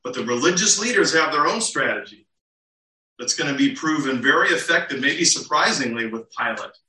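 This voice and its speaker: Bright-voiced male preacher in an echoey hall. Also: mid-range voice, lively intonation, a little fast. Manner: asks rhetorical questions, acts out quotes. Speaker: pastor. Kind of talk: expository sermon. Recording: echoey room, mic at a distance.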